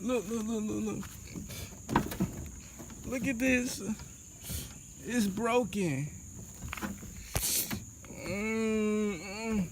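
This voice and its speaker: Young male vlogger, high-pitched and unhurried, fed-up and repetitive, phone-recorded outdoors with faint insect noise. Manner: exasperated, repeating himself. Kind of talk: dramatic vlog walkthrough.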